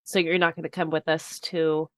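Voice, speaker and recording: A woman playing in a tabletop role-playing game, answering in a relaxed, dry, understated way. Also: sits low, moderate pace, no echo. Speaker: player. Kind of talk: casual tabletop game play.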